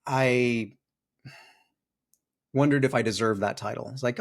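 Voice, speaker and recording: A man's voice: medium pitch, moderate pace, pauses often, slightly rough. A middle-aged man speaking as a podcast guest, reflective and candid, who tells stories and acts out quotes playfully. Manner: animated storytelling with playful acted-out quotes. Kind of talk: reflective interview talk.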